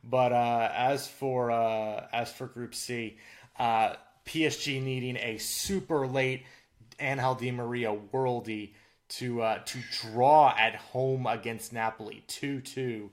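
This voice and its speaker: A man in a casual sports podcast chat, his voice sitting at an ordinary middle pitch. He talks through results with frequent fillers and restarts, stopping and starting his sentences. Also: steady tone, slow pace. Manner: filler-heavy, restarts often. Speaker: podcast co-host.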